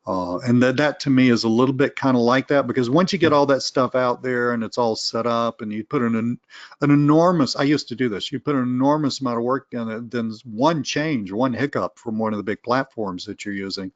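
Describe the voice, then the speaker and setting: A man's voice: medium pitch, brisk, dry recording, dull audio. A middle-aged man hosting a casual live Q and A webinar, rambling through answers with many restarts and candid asides. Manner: rambling, full of restarts and fillers; candid, self-aware asides. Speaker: webinar host answering viewer questions.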